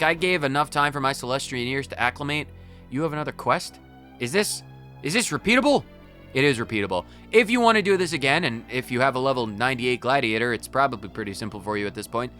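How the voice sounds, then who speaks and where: A man commenting on his own gameplay in a rambling, excitable, playful way, hopped up on caffeine. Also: medium pitch. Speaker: let's play host.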